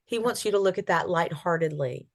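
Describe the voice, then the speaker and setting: A woman working as an animal communicator, explaining a reading in a gentle, reflective way. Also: fairly low pitch, animated, a little fast, creaky. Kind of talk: casual reading session.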